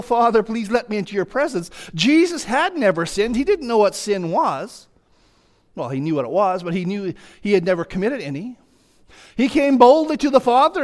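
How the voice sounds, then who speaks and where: High-voiced man preaching a sermon. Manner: emphatic, builds long repeated lists.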